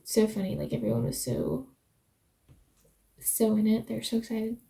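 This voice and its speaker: A young American woman chatting casually to her vlog viewers from a rented flat, rambling and laughing often. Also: on the high side, moderate pace, gravelly. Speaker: vlogger. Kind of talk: casual vlog chat to camera.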